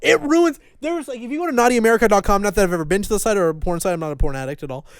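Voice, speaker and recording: A young man co-hosting a crude podcast chat, rambling and swearing, with sudden loud outbursts and trailing mumbles. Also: sits high, very fast, smooth, no echo. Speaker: podcast co-host. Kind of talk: crude casual podcast banter.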